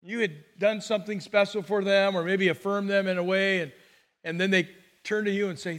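A pastor preaching a sermon in a conversational storytelling manner, asking the congregation questions. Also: male voice, high voice, steady tone, fairly quick, a bit bright, long reverb tail.

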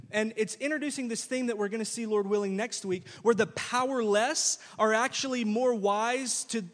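A man with a high, light voice delivers a sermon in a big hall with a long ringing reverb. He tells the story with animated, slangy asides and acts out the characters as he goes. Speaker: pastor.

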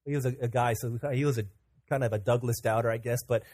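A young man preaching a sermon, animated and casual, who tells stories and acts out the voices of the people in them. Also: medium pitch, quick pace. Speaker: pastor.

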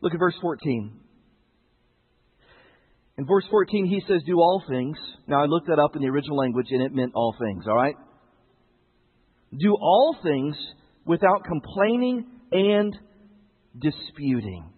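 Male preacher, high husky voice, chatty sermon delivery with rhetorical questions, tinny lo-fi broadcast sound. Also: a little fast, long pauses. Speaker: pastor.

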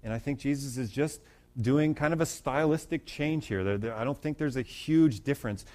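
A man's voice: medium pitch, normal speed, a little mellow. A man pastor preaching through a Bible passage in a conversational way, with restarts and rising emphasis. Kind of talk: expository sermon.

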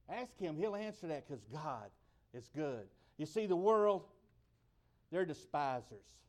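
Speaking in a conversational manner, a man delivers a sermon that climbs to loud, emphatic highs and then sinks into a low, slow delivery.

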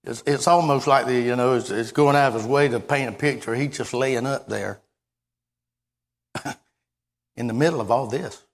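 A man preaching a sermon in a folksy, halting way, repeating himself and then breaking into sudden loud exclamations. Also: medium pitch, steady tone.

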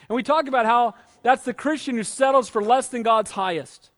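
Casting: male pastor with a strikingly high voice, lively, chatty sermon delivery. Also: fairly quick, few pauses. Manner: lively, conversational preaching, asks the listeners questions.

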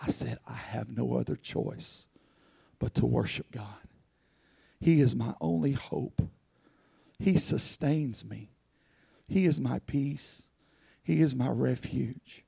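A man's voice: mid-range voice, creaky, mellow, husky, no room sound, studio quality. A man preaching a sermon as pastor, telling personal stories earnestly and rising into fervent pleading.

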